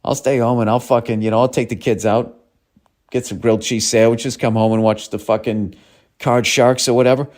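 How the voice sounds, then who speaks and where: A man's voice: mid-range voice, flat delivery, a little fast, darkish tone. Profane, ranting man hosting a podcast. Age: 50s. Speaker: podcast host. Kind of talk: casual monologue reading listener mail.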